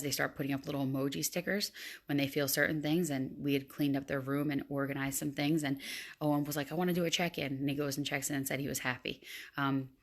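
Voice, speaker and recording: Woman, thirties, teacher and parent, chatty, casual vlog, very low voice. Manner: chatty, many fillers.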